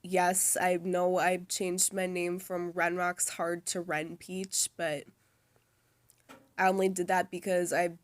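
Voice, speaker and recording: A woman's voice: lowish voice, flat delivery, slow pace. A young woman in college, chatting casually from her dorm bed and rambling with lots of fillers and restarts. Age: young adult. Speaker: vlogger. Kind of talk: casual chat.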